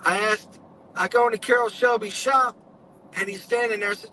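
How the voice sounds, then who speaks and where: A man's voice: sits high, fairly even intonation, normal speed, bright, forceful tone, slight background noise, low-quality recording. A man earnestly telling his story in casual live-stream chat, with folksy speech.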